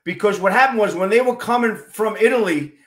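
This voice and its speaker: High-voiced joking male host. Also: brisk. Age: middle-aged. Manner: jokey, laughs often, teasing banter. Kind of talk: casual interview chat.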